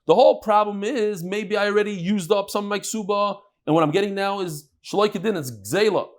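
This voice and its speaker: Male Talmud teacher, high voice, animated classroom delivery that mixes in Aramaic terms. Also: fairly quick, few pauses. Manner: lively, mixes Hebrew-Aramaic terms into English, jokes with listeners.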